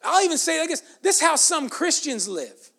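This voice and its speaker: A pastor preaching a sermon emphatically, with loud stresses and sudden soft, quiet asides. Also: high voice, big pitch swings, brisk, vocal fry.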